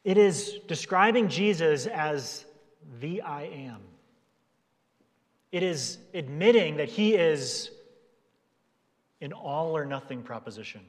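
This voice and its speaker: A man's voice: fairly high pitch, lively intonation, slow, pauses often. Conversational preaching man in a reverberant hall. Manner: conversational preaching, acts out quoted voices. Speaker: pastor. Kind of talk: sermon.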